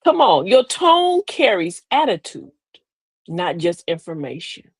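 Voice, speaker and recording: Lively, folksy woman hosting a live talk show. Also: lowish voice, unhurried, husky, dry recording. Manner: folksy and preachy, addresses listeners as beloved, laughs often. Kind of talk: live-stream talk with viewer shout-outs.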